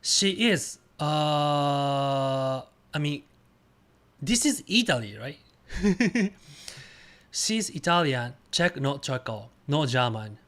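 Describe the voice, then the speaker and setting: This male streamer sounds a little high-pitched as he chats casually through a guessing game, his halting, simple phrases broken by bursts of excited cheers.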